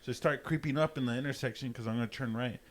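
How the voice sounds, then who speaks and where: A man's voice: medium pitch, very fast. A man co-hosting a podcast, telling a traffic story in casual chat full of swearing and laughing asides. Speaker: podcast co-host.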